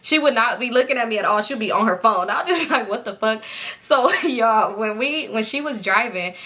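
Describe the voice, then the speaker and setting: A young woman vlogger casually telling a story straight to her viewers, animated and chatty. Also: a little high, moderate pace.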